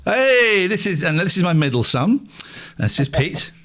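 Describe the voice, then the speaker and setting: A man hosting a call-in radio show in casual chat, sometimes whispering softly and out of breath. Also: high voice, sing-song, a little slow, poor audio. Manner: whispers and coos softly to an animal in the garden. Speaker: radio host.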